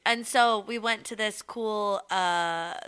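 A woman chatting casually, quick to react with gasps and laughs. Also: medium pitch, sharp tone, clear, resonant tone. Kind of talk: casual chat.

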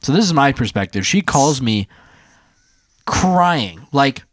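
A man co-hosting a podcast, chatting casually and telling stories with lively acted-out quotes. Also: takes it slowly, dry recording, clean studio sound. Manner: animated storyteller, acts out quotes in a high voice. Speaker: podcast co-host. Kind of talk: casual chat.

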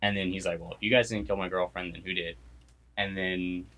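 Low, bright-voiced young man rambling. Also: level tone, slight background noise. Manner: rambling, laughs often, quick quoted asides. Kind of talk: casual chat retelling a made-up movie plot.

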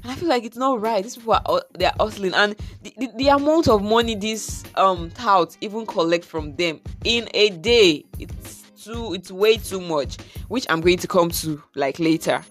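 Nigerian-accented vlogger, casual storytime, exasperated and chatty, soft music underneath. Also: medium pitch, normal speed. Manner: chatty, exasperated, mixes in pidgin slang.

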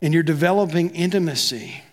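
A man's voice: on the high side, brisk. A man preaching a sermon as pastor, talking conversationally and acting out both sides of quoted dialogue.

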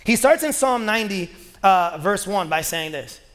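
Male pastor, high voice, loose and joking from the pulpit, church echo trailing behind. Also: lively intonation, normal speed, fairly bright tone. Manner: casual, joking, conversational preaching. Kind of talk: sermon. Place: church sanctuary. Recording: long reverb of a large hall.

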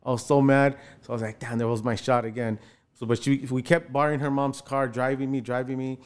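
A man in his forties, an actor telling casually how he broke into film, acting out quoted voices with sudden jumps in pitch. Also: brisk, smooth. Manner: animated, acts out quoted voices with jumps in pitch, many fillers. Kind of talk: casual storytelling interview.

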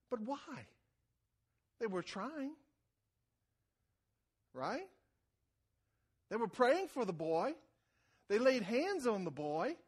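A high-voiced man preaching a sermon to a congregation. He talks in an easy, conversational way and repeats words as he starts phrases. He climbs to loud, shouted emphasis. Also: husky. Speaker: pastor.

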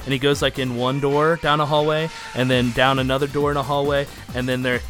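Brief: male podcast host, mid-pitched, animated, restless delivery with restarts. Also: brisk, faint music behind. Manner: animated, frequent restarts and laughter. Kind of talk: casual chat.

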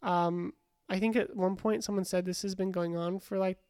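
A woman's voice: medium pitch, steady tone, normal speed, a little mellow, no echo, studio quality. A young woman co-hosting a podcast, chatting casually about a reality show with lots of fillers and restarts. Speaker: podcast co-host.

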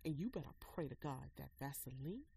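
A woman's voice: extremely low pitch, lively intonation, normal speed, gravelly, warm tone, a little hiss or hum, heavily acted, rough recording. A woman reading a story aloud, voicing a stern, blunt husband who speaks coldly and demands what he wants. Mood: cold, demanding. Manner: cold, demanding.

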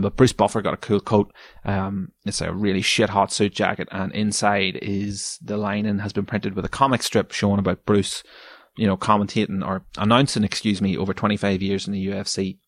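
A man hosting a podcast, sweary and exasperated, ranting and climbing into high shouts. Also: no room sound. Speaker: podcast host. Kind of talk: ranting comedic podcast segment.

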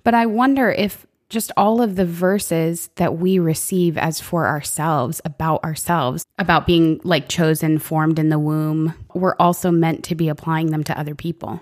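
Low-pitched woman, earnest faith-talk co-host, reflective. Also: fairly even intonation, moderate pace, few pauses. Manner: earnest, reflective, quotes scripture. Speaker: podcast co-host. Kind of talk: faith-based conversation.

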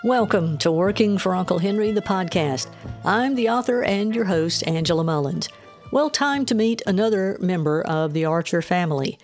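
A woman, author and host of her own podcast, reading her novel aloud in a measured, clear storytelling manner. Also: fairly low pitch, a little mellow, soft background music.

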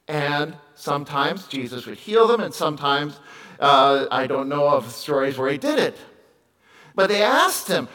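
A middle-aged man preaching a conversational sermon, moving between quiet asides and loud, emphatic calls. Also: a little high, sing-song, unhurried, low-quality recording. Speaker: pastor.

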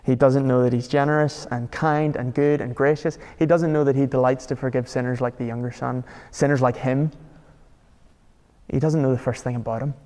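A man's voice: medium pitch, fairly even intonation, normal speed, a little mellow, in a large hall. A man preaching a sermon in a conversational, emphatic way, asking his listeners rhetorical questions. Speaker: pastor.

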